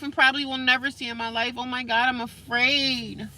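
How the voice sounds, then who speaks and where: A woman's voice: fairly high pitch, fairly even intonation, fairly quick, creaky, hardly any pauses, pushed and bright. Sassy woman chatting with her viewers. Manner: sassy, playful, calls viewers girl and sis. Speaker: vlogger. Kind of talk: casual livestream chat with commenters. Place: homeless shelter.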